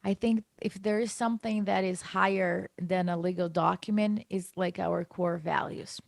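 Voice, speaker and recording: A woman's voice: medium pitch, steady tone, normal speed, creaky, no room sound, clean studio sound. A woman co-hosting a podcast, who responds in a reflective, affirming way during a casual conversation. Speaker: podcast co-host.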